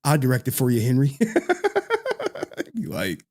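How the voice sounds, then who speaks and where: A man's voice: medium pitch, huge pitch swings, slow, a little mellow. Laughing, rambling male streamer. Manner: rambling, laughing often, searching for words. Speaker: livestream host. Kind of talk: casual live-stream commentary.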